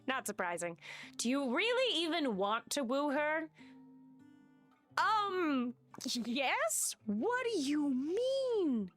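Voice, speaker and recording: A woman's voice: sits high, very animated, takes it slowly, a bit bright, faint music behind. A woman streaming a game live, chatting casually, swearing and reading the game's text aloud.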